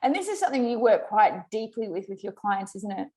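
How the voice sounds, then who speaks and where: A woman co-hosting a casual podcast, quick-witted and asking follow-up questions. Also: medium pitch, big pitch swings, darkish tone. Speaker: podcast co-host, business owner.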